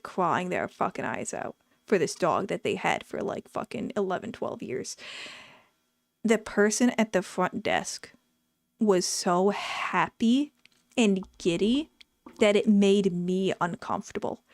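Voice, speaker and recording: A woman who streams and reads chat, and who once worked at a vet clinic, tells frank, profane stories from that job in a casual storytelling chat. Her mid-range voice is unhurried with vocal fry, and her animated telling comes through clean studio sound with no room sound.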